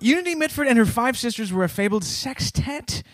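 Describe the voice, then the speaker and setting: A man hosts a casual comedy podcast, steering the talk back to his story between laughs. His voice sits high and swings up and down, with a dry, close sound. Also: expressive, brisk, fairly bright tone, no room sound. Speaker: podcast host.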